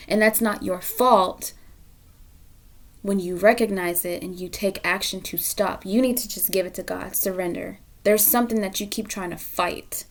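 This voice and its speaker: A tarot reader, a woman with a mid-range voice, does a pick-a-card reading straight to camera. She's blunt and profane, repeats phrases for emphasis, and swings between loud emphasis and hushed asides.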